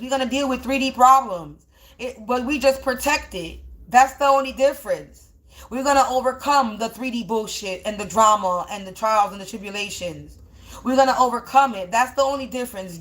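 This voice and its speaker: A woman's voice: fairly high pitch, fairly bright tone. A woman in a spiritual live stream, ranting in a profane, confrontational, rambling way while smoking, her mouth dry.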